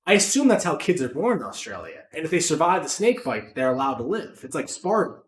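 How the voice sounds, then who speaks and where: A man co-hosting a casual podcast, his voice fairly high and swinging lively up and down. He rambles through profane jokes. The room is echoey. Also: a little fast. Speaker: podcast co-host. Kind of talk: casual chat.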